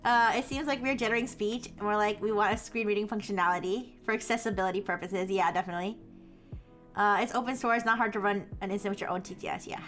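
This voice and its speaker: A woman streamer chatting casually to her viewers, rambling with lots of filler words and quick laughs. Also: medium pitch, fairly even intonation, fairly bright tone, soft background music. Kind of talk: casual live-stream chat.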